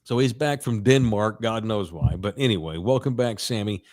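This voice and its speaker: A man's voice: on the low side, normal speed, a little mellow. A man in his forties, a podcast co-host, telling a long crude anecdote in a casual, rambling way with plenty of profanity. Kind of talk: casual sports podcast storytelling.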